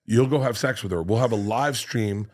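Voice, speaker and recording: A man in his fifties, a comedian guest in a casual podcast chat, telling loud, animated stories and acting out the scenes he describes. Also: fairly low pitch, normal speed. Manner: animated storyteller, acts out scenes.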